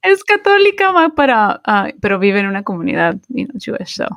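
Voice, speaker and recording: A woman's voice: medium pitch, sing-song, quick pace, fairly bright tone, dry recording, studio quality. A tired woman co-hosting a casual podcast chat, easygoing and mixing Spanish with English. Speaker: podcast co-host.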